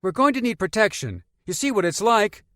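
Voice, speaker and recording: Brash gun-happy teen boy, high and loud, as a male audiobook narrator puts him on, dry close sound. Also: very animated, a little fast, dry recording. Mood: excited. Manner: loud, boastful, shouting. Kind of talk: audiobook character voice.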